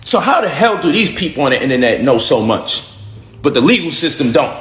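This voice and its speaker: A man's voice: a little high, very animated, fairly quick, fairly bright tone, echoey room, soft background music. A man making an emphatic recorded statement and repeating key phrases for effect.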